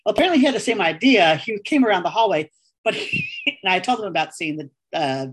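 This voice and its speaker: A woman's voice: mid-range voice, big pitch swings, fast, breathy edge. A woman co-hosting a casual podcast chat, telling a story with laughter and frequent swearing. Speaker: podcast co-host.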